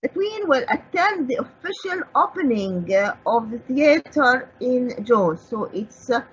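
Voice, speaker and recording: An Arabic-speaking woman with an Egyptian accent teaches an English vocabulary lesson, asking and answering her own questions as she explains each word. Her voice is high, slightly rough, and lively in intonation at a measured pace, heard over dull lo-fi broadcast audio.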